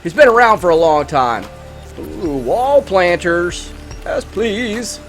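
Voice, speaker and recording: A man with a high voice hosts a gaming channel, giving let's play commentary alongside a movie review. His pitch swings widely as he jokes with his viewers and gets excited over the game, with faint music playing behind him. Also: takes it slowly. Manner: jokey and excitable, talks to viewers directly.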